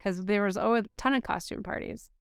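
A woman's voice: medium pitch, fast talker, smooth, no echo, studio quality. A woman co-hosting a podcast in casual chat, rambling and filling her speech with "like". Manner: rambling, heavy use of "like". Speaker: podcast co-host.

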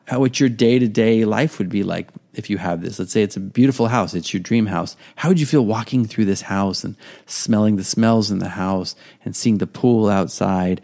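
A man's voice: on the low side, gravelly, dark tone. A man hosting a podcast, talking earnestly in a casual monologue and sometimes acting out inner voices. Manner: earnest, conversational, acts out quoted inner voices. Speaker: podcast host, artist.

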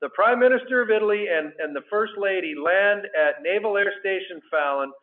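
A man's voice: high voice, fairly quick. A man, a congressman guest, telling a chatty anecdote and acting out the dialogue. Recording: tinny phone-like line.

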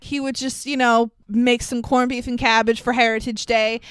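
With a slightly high voice at a moderate pace, a podcast co-host laughs and swears her way through an animated movie retelling in casual conversation. The tone is clean, studio quality, with no room sound.

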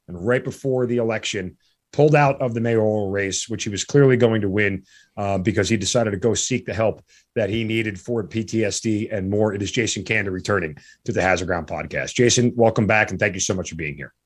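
A man hosting a podcast in a halting, earnest way, full of restarts, and audibly emotional. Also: mid-range voice. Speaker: podcast host. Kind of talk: casual interview chat.

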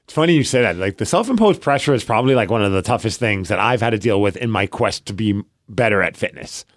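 A man's voice: on the low side, fast. A man in his thirties co-hosting a casual podcast, telling stories animatedly and poking fun at himself. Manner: animated storyteller, self-mocking, acts out his own inner thoughts. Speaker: podcast co-host. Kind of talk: casual chat.

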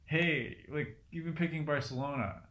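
A man's voice: a little high, normal speed, a bit bright, low-quality recording. A man co-hosting a casual podcast conversation. He is laid-back and jokey and swears casually. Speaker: podcast co-host.

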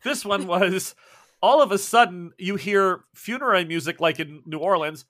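A man with a bright, fairly high voice runs a tabletop game as game master. He talks playfully, laughs often and tosses in quick character voices.

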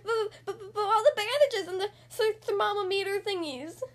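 A woman's voice: high-pitched, very animated, moderate pace, fairly bright tone. A woman voicing a nervous young boy cat in a children's storybook reading, stammering when he gets scared.

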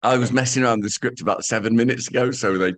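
Man, podcast co-host, deadpan, self-mocking, mid-pitched voice. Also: racing, a crowd in the background. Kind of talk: casual banter.

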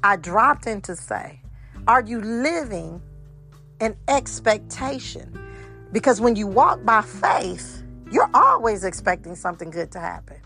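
A middle-aged woman preaches a sermon, repeating key words and turning to her listeners with direct questions. Her voice has a gravelly fry at the bottom of its middling pitch. Faint music plays beneath her. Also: very animated, a little slow, bright, forceful tone.

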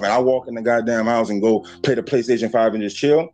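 A man's voice: medium pitch, quick pace, hardly any pauses, a little mellow, soft background music. A man hosting a casual podcast, cursing freely and lecturing his listeners directly. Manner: profane, preachy, addresses listeners directly. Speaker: podcast host.

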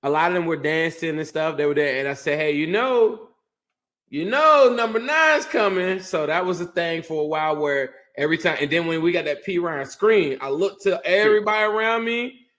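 A man casually telling a lively story, full of fillers and restarts, acting out what people said. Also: fairly high pitch, fairly quick. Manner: animated storyteller, acts out quotes, many fillers and restarts. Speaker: guest recounting a game. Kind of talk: casual chat.

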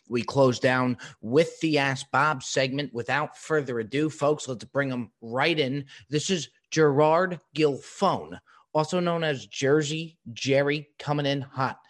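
A man's voice: medium pitch, measured pace. A man hosting a podcast, ribbing his guest in a teasing, hyped-up casual chat. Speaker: podcast host.

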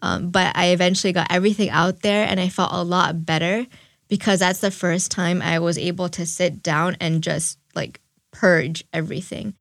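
A young woman sharing a personal recollection in an interview, speaking reflectively and haltingly with fillers and restarts. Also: on the low side, steady tone, vocal fry, fairly bright tone, no echo, studio quality. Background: faint music.

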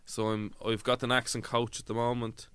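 A man, a guest on a comedy podcast, talking with swagger and deadpan humour. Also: mid-range voice, brisk, clean tone, no echo. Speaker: guest actor. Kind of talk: comedic podcast chat in character.

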